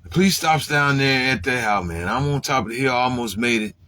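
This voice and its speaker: This is an animated man swearing his way through a casual personal story, with a voice of ordinary middle pitch. He keeps tacking "man" onto his phrases. He jumps up louder and higher when he acts out his own lines. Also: a little fast. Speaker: vlogger telling a story.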